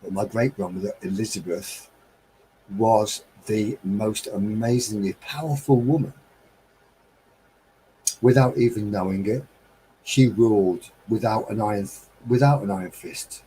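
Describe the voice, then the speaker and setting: A man's voice: on the low side, measured pace, pauses often, dark tone, a little hiss or hum, rough recording. A man hosting a casual live stream chat, rambling cheerfully, laughing and breaking into snatches of song. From England.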